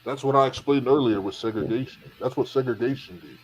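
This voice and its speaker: A man's voice: mid-range voice, fast talker, a little hiss or hum, poor audio. A man in a casual panel discussion, assertively explaining his view and correcting others.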